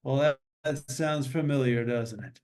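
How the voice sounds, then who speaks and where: A man hosting a memorial meeting over a video call, with an average pitch. His talk is loose and easygoing, with jokes and small detours as he invites others to speak. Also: unhurried. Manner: relaxed, joking, meandering. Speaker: meeting host. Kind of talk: casual memorial meeting chat.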